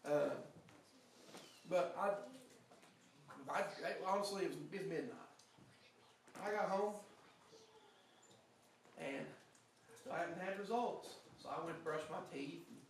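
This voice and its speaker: Young guy preaching, kinda high voice, chatty storytelling, lots of restarts, big echoey church, mic far off. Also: animated, slow, gravelly, pauses often, a little hiss or hum. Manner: earnest storytelling, conversational, with frequent restarts. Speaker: pastor. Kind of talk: sermon with personal story. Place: church sanctuary.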